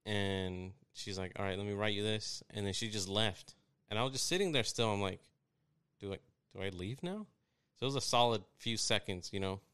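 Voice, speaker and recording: A man's voice: lowish voice, fairly quick, fairly bright tone, clean tone, no echo. A young man from Texas, co-hosting a casual chat and retelling stories with lots of swearing and quoted voices.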